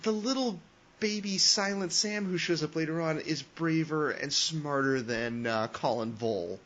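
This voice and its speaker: A man's voice: a little high, a little slow, a bit bright, dull audio. A man co-hosting a casual book discussion podcast, joking and laughing often. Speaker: podcast co-host.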